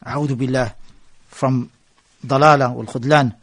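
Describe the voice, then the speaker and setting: A man's voice: medium pitch, a little slow, dry recording, studio quality. A male preacher, lecturing a gathering and telling stories, with phrases mixed into his English. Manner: mixes Arabic phrases into English, animated storytelling. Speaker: Islamic preacher.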